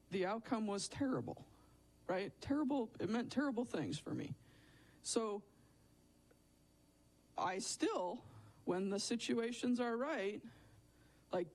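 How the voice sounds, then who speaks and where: At a church service, a speaker delivers a sermon candidly and conversationally, self-deprecating and frequently tagging thoughts with "right?" and "like." The voice is medium-pitched with a darkish tone, and the recording is low quality.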